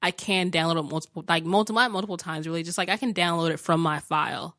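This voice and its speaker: A young woman talks fast in a slightly low voice, chatting casually in a studio. She is playful and quick, filling her talk with "like.". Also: steady tone, fairly bright tone, no room sound. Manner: playful, quick, lots of "like" fillers. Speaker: podcast co-host. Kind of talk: casual chat.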